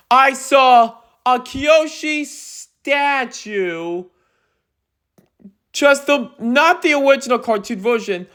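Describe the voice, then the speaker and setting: High-pitched woman ranting about a film. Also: smooth. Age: young adult. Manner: exasperated, emphatic, breaks into shouting. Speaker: movie reviewer. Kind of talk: ranting movie review.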